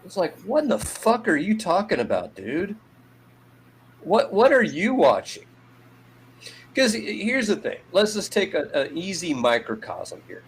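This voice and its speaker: A man co-hosting a sports podcast, ranting in a profane, sarcastic way with loud jumps in pitch. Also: wildly swooping pitch, unhurried, a little hiss or hum. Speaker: podcast co-host. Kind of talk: heated sports talk.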